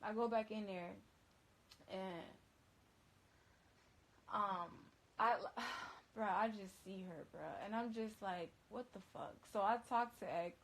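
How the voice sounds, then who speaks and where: A woman's voice: mid-range voice, takes it slowly, pauses often, poor audio. A woman DJ telling a story casually on a phone livestream, talking emphatically and profanely, with constant "like" and "bruh.".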